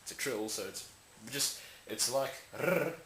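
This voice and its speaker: A man with a medium-pitched, pushed, bright voice talks at a normal speed. He creates language tutorials and loosely explains speech sounds in a lesson, demonstrating each one and backtracking to correct himself. Echo and faint hiss color the recording.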